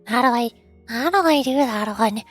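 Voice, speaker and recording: A chatty young woman streamer who rambles and laughs at herself between lines. Her voice sits high. The sound is dry, with faint music underneath. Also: normal speed, no echo. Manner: chatty, rambling, self-deprecating. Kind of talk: casual chat between voice acting.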